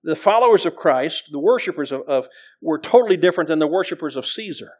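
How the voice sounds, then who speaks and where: A man's voice: on the high side, animated, quick pace, breathy edge. A middle-aged man preaching as pastor, conversational, with frequent restarts and scripture readings. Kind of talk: sermon.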